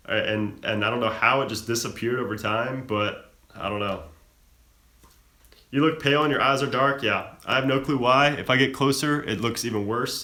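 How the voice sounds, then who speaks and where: A young man hosting a live stream, casually reading and answering viewer questions with a relaxed, chatty manner and plenty of fillers. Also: mid-range voice, echoey room. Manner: relaxed, chatty, frequent fillers and self-laughs.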